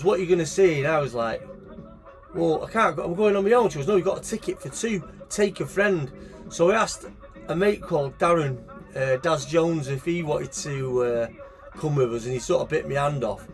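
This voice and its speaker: A middle-aged man with a Manchester accent, telling a childhood story in a casual, animated way, swearing freely and acting out the people in it. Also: a little high, moderate pace, soft background music. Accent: Manchester English. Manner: swears freely, animated, acts out voices in the anecdote. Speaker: shop owner telling a story.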